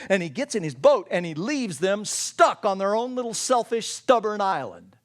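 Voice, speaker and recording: A pastor preaching a sermon with emphatic, repetitive phrasing and folksy asides. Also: male voice, high-pitched, big pitch swings, moderate pace, hardly any pauses.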